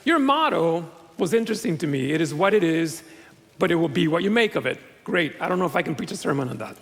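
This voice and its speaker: A male pastor preaches to a graduating class, slipping in light jokes and asides to the crowd. His voice sits fairly high with a gravelly edge. It carries through the long, ringing reverb of a large church. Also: animated, fast talker. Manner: playful, joking asides to the audience. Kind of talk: sermon.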